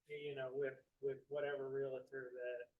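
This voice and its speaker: A man's voice: medium pitch, level tone, measured pace, narrow, tinny audio, slight background noise. A man in a workshop audience telling a personal story in a loose, conversational way, full of "you know" and "like". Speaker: workshop attendee. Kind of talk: casual anecdote. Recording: distant from the mic.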